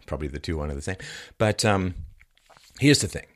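A man's voice: low-pitched, expressive, fairly quick. A man giving an opinionated monologue, sarcastic and mocking, repeating points for emphasis. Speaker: commentator.

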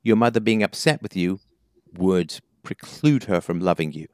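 A man's voice: deep voice, expressive, moderate pace, a little mellow, clear, resonant tone, no echo, studio quality. A man hosting a call-in advice show, questioning a caller bluntly and emphatically. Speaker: call-in show host, philosopher.

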